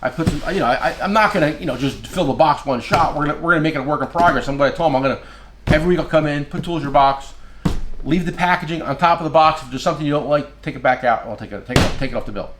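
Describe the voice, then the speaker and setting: A man's voice: on the high side, racing, echoey room, noisy background. A man who works as a tool dealer, telling stories in a casual chat and acting out the voices of the people he quotes. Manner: animated, acts out quoted voices, swears.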